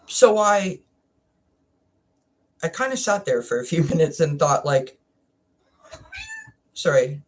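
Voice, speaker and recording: A woman from Canada talks slowly and unhurriedly in a casual wellness chat. Her speech is halting and full of restarts, and she sounds emotional, close to tears. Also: low voice, big pitch swings, a little mellow. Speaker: wellness channel host.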